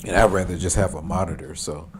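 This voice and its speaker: Low-voiced rambling game streamer man. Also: steady tone, fast talker, background noise. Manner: rambling, filler-heavy, laughs easily, swears. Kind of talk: casual gameplay commentary.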